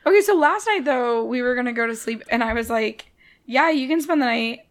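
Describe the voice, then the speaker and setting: Lively young woman telling stories. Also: on the high side, fairly quick. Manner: animated storyteller, acts out quotes, laughs often. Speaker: podcast co-host. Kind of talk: casual chat.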